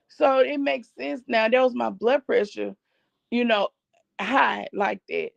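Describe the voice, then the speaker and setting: A woman's voice: on the high side, steady tone, unhurried, vocal fry, no room sound. A middle-aged woman hosting a family channel, chatting to viewers and retelling what people said to her in a long story. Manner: chatty, retells others' words with "I said, he said". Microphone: streaming setup. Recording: dull lo-fi dry stream audio.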